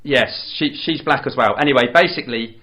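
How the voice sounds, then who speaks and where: A man's voice: mid-range voice, brisk, sharp tone. A man, co-hosting a podcast and retelling a film plot in a rambling, casual way with lots of restarts. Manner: rambling, with many restarts and fillers. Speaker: podcast co-host.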